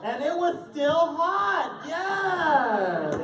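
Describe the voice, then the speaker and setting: Drag queen storyteller, slow and animated, cracking jokes to the kids; distant, roomy recording. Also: medium pitch. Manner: playful, joking asides to the audience. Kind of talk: reading a picture book aloud to children. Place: indoor event space with a family audience. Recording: echoey room, far from the mic, crowd.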